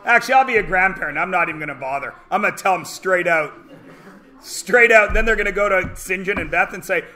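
High, bright wisecracking math teacher. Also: male voice, quick pace. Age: 40s. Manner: wisecracking, theatrical asides and bursts of shouting. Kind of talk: joking classroom lecture. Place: classroom.

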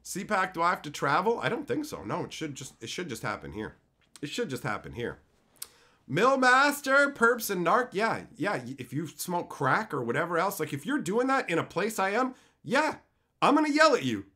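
A high, bright-voiced Canadian man ranting on a live stream. His pitch swings widely as he swears and lectures in a heated rush. The tone is sharp and tense. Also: big pitch swings, fairly quick, slightly rough. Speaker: streamer chatting with viewers.

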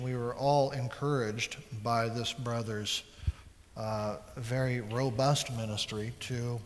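A church leader on a conference panel, a man speaking in a thoughtful, measured way. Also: a little high, a bit bright. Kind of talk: panel discussion. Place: large conference hall. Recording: reverberant conference hall.

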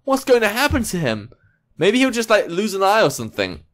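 A man hosting a game let's play, reading lines aloud with jokey, excitable, sing-song asides. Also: high-pitched, a little fast.

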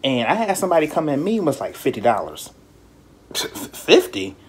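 A man hosting a podcast in casual chat, telling stories in an animated, profane way and mimicking people in high voices. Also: very fast, husky. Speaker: podcast host.

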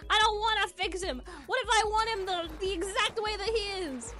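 Very high-voiced brash woman streamer. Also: moderate pace. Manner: brash, swearing, playful ranting at chat, sudden shouts. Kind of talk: casual live-stream chat.

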